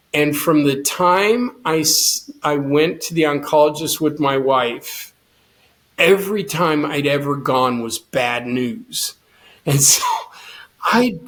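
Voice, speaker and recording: Middle-aged male guest, earnest storyteller, voices the dialogue in his story, a touch high. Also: slow, fairly bright tone. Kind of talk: storytelling interview.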